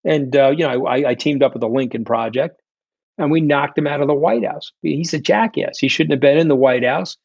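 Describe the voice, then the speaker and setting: A middle-aged man, a guest telling stories in an interview, blunt, combative and quick to swear. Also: fairly high pitch, gravelly, darkish tone, husky, no echo. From New York. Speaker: guest, fund founder. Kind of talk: candid storytelling interview. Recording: dull, dry lo-fi sound.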